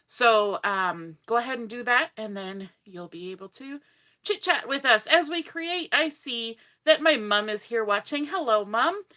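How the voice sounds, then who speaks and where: A woman from Canada chats her way through a live card-making tutorial, her voice bright and a touch high. She talks casually to viewers as she folds and cuts at home. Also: lively intonation, a little slow. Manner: chatty, friendly, greets viewers by name. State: hiccups. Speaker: crafting livestream host.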